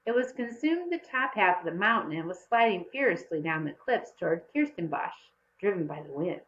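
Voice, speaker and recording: A woman's voice: a little fast, highs cut off. A woman reading a children's story aloud, changing her voice to act out the young characters. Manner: expressive, shifts pitch to act out children's voices. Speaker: audiobook reader. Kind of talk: storybook narration.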